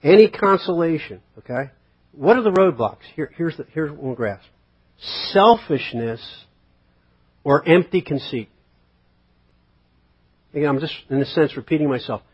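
A male pastor gives a conversational sermon packed with rhetorical questions and acted-out quotes. His voice is a little high and slightly rough, captured in a dull, lo-fi recording.

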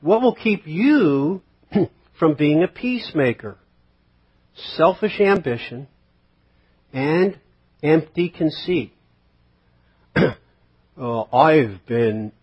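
A man's voice: on the high side, breathy edge. A male pastor preaching a conversational sermon, full of rhetorical questions and acted-out quotes. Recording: dull lo-fi sermon recording.

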